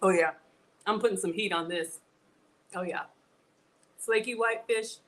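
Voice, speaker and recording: A woman's voice: medium pitch, measured pace, a bit bright, poor audio. A middle-aged woman hosting a casual cooking livestream, chatting with viewers, greeting them by name and laughing often. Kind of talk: casual live cooking chat.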